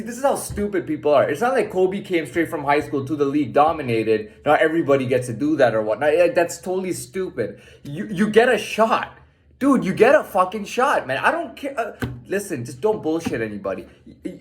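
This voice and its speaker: A man in a casual, preachy monologue whose pitch swings widely and sits a little high. He is blunt and swears freely. He stumbles, restarts his sentences and lectures the listener. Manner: blunt and profane, talks in stops and restarts. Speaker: storyteller.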